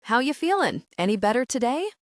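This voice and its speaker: A woman's voice: mid-range voice, very animated, fairly quick, darkish tone, no room sound, studio quality, lightly acted. A woman voicing a housekeeper in her fifties who has a Cockney-Italian accent, a piercing voice and a stiff, easily offended manner, in an audiobook. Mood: cheery.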